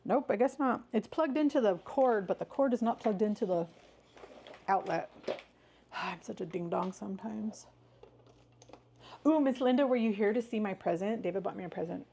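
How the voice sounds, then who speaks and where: A woman talking casually on her live stream, upbeat and encouraging as she greets viewers by name. Her voice sits at an ordinary middle pitch. She sounds friendly and chatty throughout. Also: moderate pace, creaky, long pauses, warm tone, breathy edge. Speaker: livestream host.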